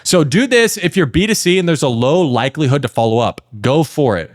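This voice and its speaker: A man's voice: fairly high pitch, animated, fairly quick. Blunt, direct male sales trainer. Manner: direct, blunt, talks to the viewer with frequent fillers. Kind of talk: casual instructional talk with role-play examples.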